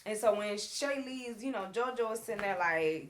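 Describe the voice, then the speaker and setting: Woman host, casual recap talk, mid-pitched, slangy and chatty, slips into playing out the cast's lines. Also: lively intonation, moderate pace, a little hiss or hum.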